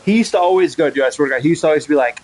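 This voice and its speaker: A man's voice: on the high side, very fast, a little mellow, poor audio. A young man chatting casually with a friend while gaming, rambling with many fillers, laughing and swearing. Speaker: gamer. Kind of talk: casual chat over voice chat.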